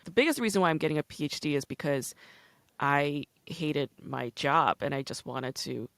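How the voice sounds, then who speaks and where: A woman's voice: low-pitched, moderate pace, dry recording. A woman hosting a podcast in casual chat, candid and profane, with many fillers. She is a PhD student. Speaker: podcast host.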